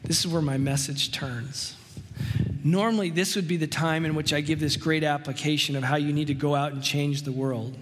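Man, pastor, sermon, conversational storytelling, slightly high voice, long hall reverb. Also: steady tone, a little hiss or hum. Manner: conversational preaching with anecdotes, slows for emphasis.

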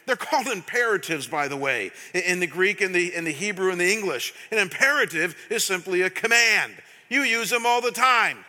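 A man's voice: high-pitched, expressive, fairly quick, pushed and bright. A middle-aged man preaching a passionate sermon as pastor, emphatic and quizzing the congregation. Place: church sanctuary. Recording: long hall reverb.

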